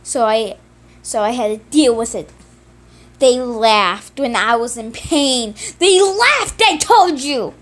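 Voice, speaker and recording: A woman's voice: a little high, lively intonation, slow. A woman narrating a story in the first person, plain and earnest, with some restarts.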